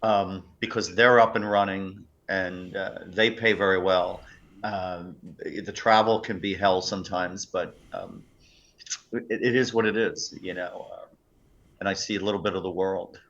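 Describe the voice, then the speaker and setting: A man's voice: low voice, fairly even intonation, measured pace, fairly bright tone. A male comedian guest chatting casually on a talk show, rambling with fillers. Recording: dull lo-fi sound.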